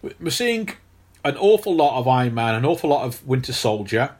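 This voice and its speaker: A man's voice: medium pitch, very animated, moderate pace. A man co-hosting a podcast, teasing his co-host in casual banter.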